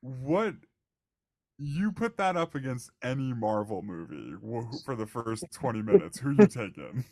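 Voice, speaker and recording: A man's voice: medium pitch, big pitch swings, a little slow, darkish tone, dry recording, studio quality. A young man co-hosting a casual movie podcast, laughing often and tossing out playful questions. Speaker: podcast co-host.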